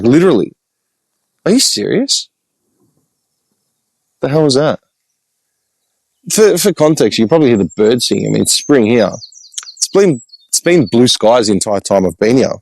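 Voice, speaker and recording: An Australian man, a podcast host, telling stories in an animated, exasperated way with blunt swearing, in a casual walk-and-talk vlog. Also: medium pitch, dry recording, low-quality recording. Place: outdoor hillside cemetery with birds.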